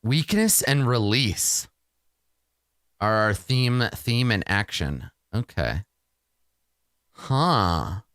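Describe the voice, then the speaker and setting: A man's voice: on the low side, very animated, very slow, pauses often, a bit bright, no room sound, clean studio sound. A man thinking aloud as he plays a solo tabletop roleplaying game, rambling and swearing freely as the dice go against him.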